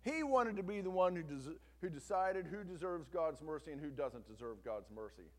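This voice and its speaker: A male pastor preaching with a somewhat high voice, storytelling with emphatic rises and drops. His voice carries through a church sanctuary with a long reverb. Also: expressive, moderate pace, hardly any pauses. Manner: storytelling, emphatic, asks the congregation to listen. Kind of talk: sermon.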